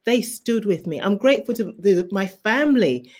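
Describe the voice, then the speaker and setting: A woman's voice: mid-range voice, animated, moderate pace, darkish tone. A woman who is a guest author, sharing a fervent faith testimony in an interview. She speaks like a preacher and repeats key phrases for emphasis.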